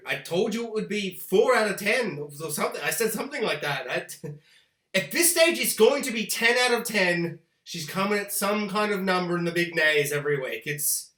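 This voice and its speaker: A man hosting a spoiler review of a TV show, ranting with animated, profane exaggeration. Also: sits high. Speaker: TV review host. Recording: echoey room.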